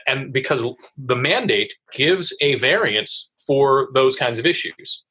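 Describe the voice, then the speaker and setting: Husky man ranting in casual podcast chat. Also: mid-range voice, normal speed, few pauses. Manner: animated, acts out quoted voices. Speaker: podcast co-host.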